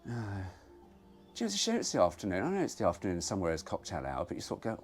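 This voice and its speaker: A man's voice: sits low, huge pitch swings, racing, faint music behind. A man rambling through a casual car-repair vlog, self-mocking and swearing freely. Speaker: car restoration vlogger.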